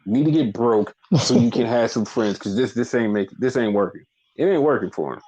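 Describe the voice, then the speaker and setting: A man casually recapping a wrestling show, talking in an animated, profane way. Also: a little fast, rough recording. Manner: animated, profane, acts out quotes in high voices. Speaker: podcast co-host.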